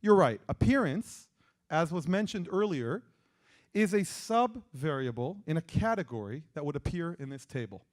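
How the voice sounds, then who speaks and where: High-voiced Israeli man lecturing. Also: very animated, normal speed. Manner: engaging, quizzes the audience with questions. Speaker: persuasion lecturer. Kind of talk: interactive lecture to a live audience.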